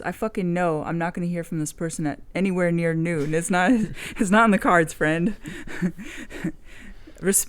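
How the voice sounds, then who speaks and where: A woman's voice: lowish voice, clear, resonant tone. A woman video blogger in casual chat, telling a rambling story frankly and swearing freely.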